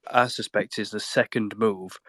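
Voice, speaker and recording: A man's voice: lowish voice, fairly even intonation, normal speed, a bit bright, dry recording. A man calling in to a live audio show, talking in a rambling, casual way and laughing at his own slips. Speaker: caller. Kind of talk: casual call-in chat.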